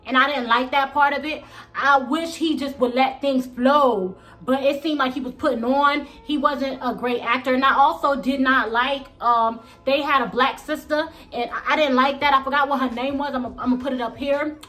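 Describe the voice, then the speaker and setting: A woman's voice: high voice, fairly even intonation, normal speed, bright, forceful tone. A woman vlogger giving blunt, emphatic opinion commentary, often tagging points with "okay?".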